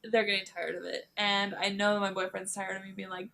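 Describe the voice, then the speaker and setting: A woman's voice: mid-range voice, fairly even intonation, normal speed, gravelly, a little hiss or hum. A young woman chatting casually to camera about books, rambling and giggly. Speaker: book vlogger.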